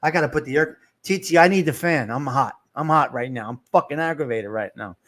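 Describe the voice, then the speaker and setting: A man's voice: on the high side, fairly quick. A middle-aged man, hosting a live stream and ranting in a heated, profane way while calling out to his chat. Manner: fired-up, profane, shouting out to chat.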